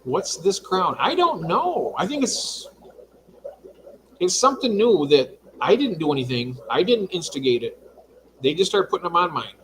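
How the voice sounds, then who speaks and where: A man's voice: high voice, very animated, moderate pace, noisy background. A man hosting a casual livestream from his fish room at home, chatting and reading out viewer comments. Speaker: livestream host.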